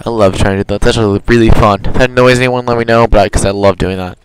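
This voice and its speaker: A man's voice: fairly low pitch, fairly even intonation, quick pace, background noise. A young man casually commenting while he plays a video game, rambling and correcting himself as he goes. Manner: rambling, self-correcting, chatty. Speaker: gamer. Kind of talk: casual let's play commentary.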